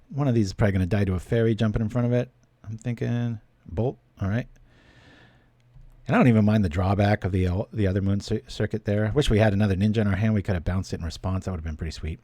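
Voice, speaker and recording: A man's voice: on the low side, warm tone, no room sound. A man giving casual, chatty commentary while he plays a card game on stream, thinking aloud and thanking viewers.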